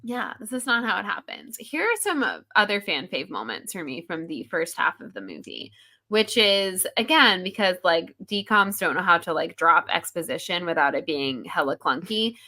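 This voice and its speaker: Bright-voiced woman podcaster, sarcastic movie rant, voice jumps all over. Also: fairly low pitch, moderate pace. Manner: animated, sarcastic, acts out characters' lines. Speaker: podcast co-host. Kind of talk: casual movie review chat.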